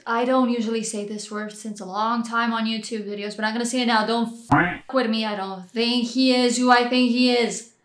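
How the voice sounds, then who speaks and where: A woman hosting a reaction video, talking through a show with emotional exclamations and gushing. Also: a little high. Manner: emotional, exclaims and gushes loudly. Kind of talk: excited reaction commentary. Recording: echoey room with show audio behind.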